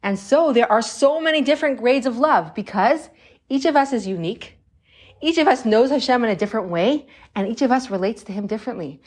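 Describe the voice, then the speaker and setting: Woman teaching a Torah class. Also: fairly high pitch. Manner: warm storytelling with acted voices and laughter. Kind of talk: religious class lecture.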